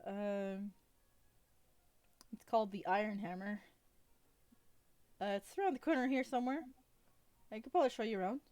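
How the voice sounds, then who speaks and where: A woman's voice: mid-range voice, normal speed, long pauses, a little mellow, clear, resonant tone, natural voice. A woman playing a flustered, kindly dwarven woman. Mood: helpful. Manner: apologetic, hesitant with fillers. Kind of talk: tabletop role-play.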